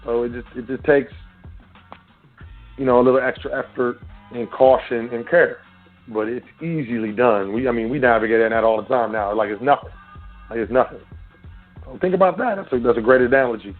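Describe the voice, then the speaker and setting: Speaking fairly quickly at an ordinary middle pitch, this man hosts an internet call-in show. He preaches directly to his audience in loose street-casual language, heard through a thin phone-like line with faint music beneath.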